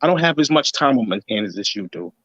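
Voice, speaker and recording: A man's voice: medium pitch, sing-song, fast, a bit bright, no echo, highs cut off. A man hosting a casual reaction chat, talking in a blunt, heated way full of swearing. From New York. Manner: blunt, heated, profanity-laced ranting. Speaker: host.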